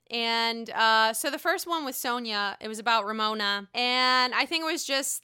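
A woman's voice: a little high, pushed and bright, clean tone. A woman casually recapping a reality show, gossiping, swearing freely and often laughing.

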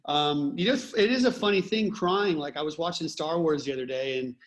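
Middle-aged man, a touch high-pitched; podcast co-host; reflective, candid storyteller. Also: a little fast. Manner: reflective, openly emotional storyteller. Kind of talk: casual conversation.

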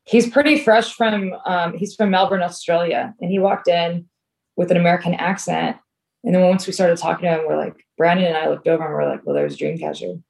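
A woman with a slightly low voice tells a long story in a loose, casual way. She is full of "like" and "um" and often restarts her sentences. Her pace runs fast and slow by turns. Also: fairly even intonation, gravelly, darkish tone. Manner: rambling storyteller, many fillers and restarts. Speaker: filmmaker guest. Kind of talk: casual interview chat.

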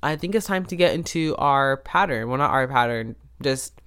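A man's voice: mid-range voice, expressive, moderate pace, fairly bright tone, clean tone. A man hosting a podcast, telling a story in a rambling, casual way, often cutting himself off with restarts and asides. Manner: self-interrupting, restarts and asides. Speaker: podcast host. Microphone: podcast microphone.

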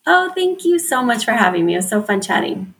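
A woman's voice: on the high side, big pitch swings, brisk, a bit bright, faint music behind. A woman who is an author and teacher, a podcast guest who talks in a bubbly way, laughs often and says "like" a lot. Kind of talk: casual interview chat.

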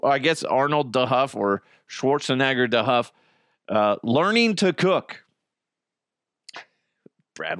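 A man's voice: medium pitch, fairly bright tone, dry recording, studio quality. Giggly, rambling podcast host, a man. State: high. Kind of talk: loose comedy podcast chat.

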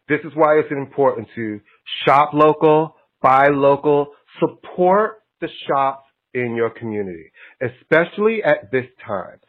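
A man co-hosting a podcast, talking in an earnest, rambling way and laughing easily. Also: medium pitch. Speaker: podcast co-host. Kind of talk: casual chat. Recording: tinny phone-like line.

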